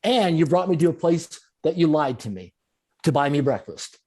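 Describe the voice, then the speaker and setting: Middle-aged man, guest storyteller, brighter higher voice, animated, leans on repetition. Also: normal speed. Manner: animated, repeats phrases for emphasis. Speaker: guest speaker. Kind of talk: storytelling in a conversational interview.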